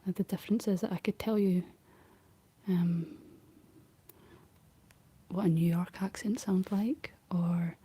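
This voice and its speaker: A Scottish woman whispering softly in a rambling ASMR chat, answering her livestream viewers. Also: on the low side, steady tone, slow, pauses often, slightly rough. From Scotland.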